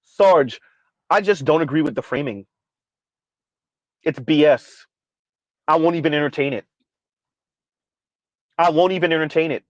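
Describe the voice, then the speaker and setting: A man's voice: fairly high pitch, unhurried, pauses often, no room sound, highs cut off. A man ranting in a sardonic, exasperated commentary vlog, hammering his points by repeating them. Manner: sardonic, exasperated, repetitive emphasis. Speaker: commentary vlogger.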